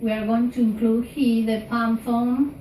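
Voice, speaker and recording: Slow, echoey woman teaching grammar. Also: a little high, flat delivery, warm tone. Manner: slow, with frequent fillers and "okay?" checks. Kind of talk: recorded grammar lesson. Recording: echoey room, distant mic, faint noise.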